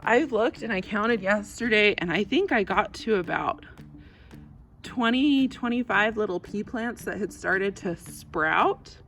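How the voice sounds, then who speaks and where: Gravelly-voiced woman teacher, gentle. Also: mid-range voice. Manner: gentle, reassuring, speaks straight to children. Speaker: fourth grade teacher. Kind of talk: video message to her class. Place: outdoors in her garden.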